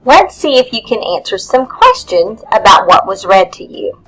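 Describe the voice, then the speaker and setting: A woman's voice: fairly high pitch, very animated, moderate pace, a bit bright, faint music behind, low-quality recording. A woman teacher leading young children through questions about a story, in a patient, questioning way. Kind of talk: guided lesson for young children.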